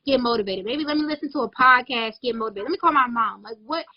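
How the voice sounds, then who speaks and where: A woman's voice: fairly high pitch, fast, lo-fi sound. A woman hosting a livestream interview, chatty and supportive, asking long rambling questions. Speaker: summit livestream host. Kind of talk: casual interview.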